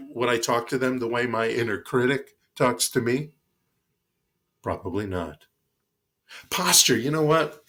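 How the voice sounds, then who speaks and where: A man's voice: on the low side, bright, forceful tone. A man preaching a reflective sermon as pastor, telling stories. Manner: reflective, storytelling.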